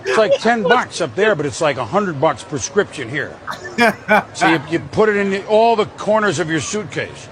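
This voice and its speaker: A male sports broadcaster telling a rambling, jokey story in off-air banter. His voice sits high and swings widely in pitch. Faint outdoor noise hums behind the clip. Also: very animated, normal speed.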